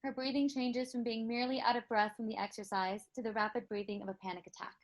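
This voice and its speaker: A woman's voice: on the high side, level tone, quick pace. A woman reading stage directions plainly and matter-of-factly.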